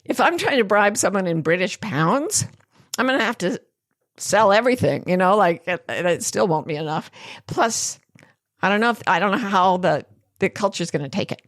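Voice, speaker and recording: Telling a story on her podcast in a relaxed, chatty way, an older woman laughs a lot and performs other people's lines. She speaks at normal speed with a medium pitch and lively intonation.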